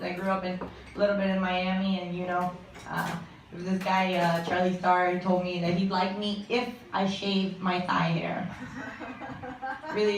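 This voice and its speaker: A woman's voice: mid-range voice, noisy background. Woman doing stand-up in an echoey club. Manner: deadpan jokes with quick asides to the crowd. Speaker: stand-up comedian. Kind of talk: stand-up comedy set. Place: comedy club stage. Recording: echoey room from a distance, audience laughter.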